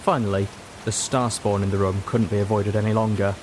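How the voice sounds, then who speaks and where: Male narrator, measured dramatic storytelling, lowish voice, faint rain hiss. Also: little pitch movement. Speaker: audiobook narrator. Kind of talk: scripted narration.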